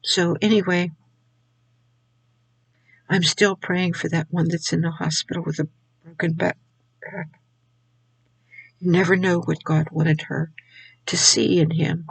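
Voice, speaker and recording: An older woman shares her faith testimony, slowly and haltingly, often repeating herself. Her voice is gravelly and a little husky. It is recorded close and dry. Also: on the low side, level tone, dry recording, poor audio. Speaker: Christian video speaker.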